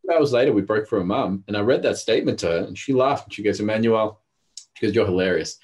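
A man's voice: fairly low pitch, rapid-fire, darkish tone, slightly rough. A man, a therapist and coach, telling intense stories in a casual podcast conversation and acting out what people said. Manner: intense, storytelling, acts out quotes.

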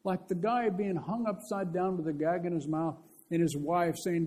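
Husky-voiced man preaching a sermon. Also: high voice, moderate pace. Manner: lively storytelling, earnest. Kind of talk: conversational sermon.

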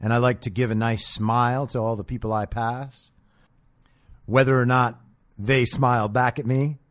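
A man's voice: mid-range voice, fairly even intonation, moderate pace, no echo, clean studio sound. A man hosting a political commentary show, talking in a blunt, sarcastic and profane way. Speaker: host.

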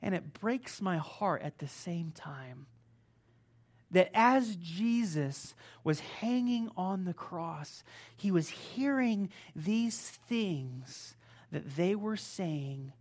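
A man's voice: sits high, lively intonation, very slow, a little mellow. A man preaching a sermon, reading scripture aloud and commenting on it, talking emphatically and straight to his listeners.

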